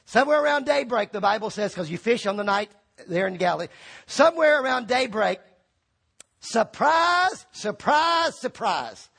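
A man preaching a lively sermon, acting out quoted voices and shouting for emphasis. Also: sits high, fast, creaky, husky.

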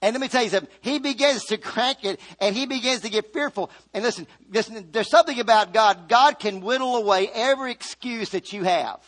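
A man preaching a sermon, animated, repeating phrases and acting out scripture quotes. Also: high-pitched, a little fast, hardly any pauses. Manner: animated, shouts and repeats for emphasis; acts out scripture quotes in voices.

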